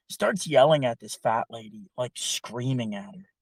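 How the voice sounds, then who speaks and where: Casual young male podcaster, profane and animated, dry close mic. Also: medium pitch, normal speed, few pauses, dry recording. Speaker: podcast co-host. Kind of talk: casual storytelling chat.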